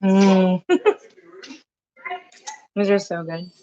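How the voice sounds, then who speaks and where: A woman chats her way through a live cooking stream in her home kitchen, rambling from topic to topic and turning aside to talk to her dog and family. Her voice sits at an ordinary middle pitch. The audio is a little dull and muffled. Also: sing-song, drawn-out words, warm tone. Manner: chatty and rambling, breaks off to talk to pets and family.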